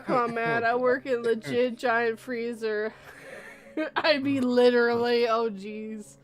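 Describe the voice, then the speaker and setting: A woman's voice: on the high side, level tone, slow. A woman hosting a casual chat stream, giggly and teasing, laughing often. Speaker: stream host.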